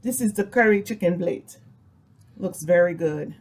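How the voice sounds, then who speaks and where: A woman's voice: fairly low pitch, normal speed, darkish tone. A woman chatting casually as she reviews food for her vlog, rambling a little and laughing often. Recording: music playing in the background.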